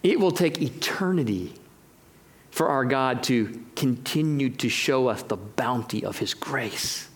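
A man preaching a teaching sermon, emphatic and conversational, slowing down to stress key phrases. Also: mid-range voice, expressive.

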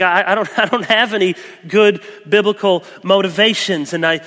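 A man preaching a sermon, earnest, moving between loud emphasis and soft, close asides. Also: sits high, in a large hall. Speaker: pastor.

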